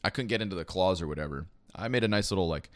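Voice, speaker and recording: A man's voice: low-pitched, racing, a bit bright, dry recording. A young man from Quebec telling a casual, rambling story, swearing freely and filling gaps with "you know" and "like". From Quebec, Canada. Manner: rambling, profane, full of fillers like "you know". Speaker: esports caster and podcast host.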